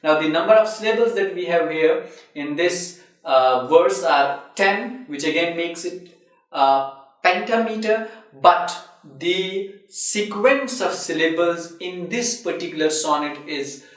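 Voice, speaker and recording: A man's voice: on the high side, animated, unhurried. A man giving a recorded literature lecture, explaining step by step and breaking words into syllables, with frequent fillers. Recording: very echoey room, voice far from the mic.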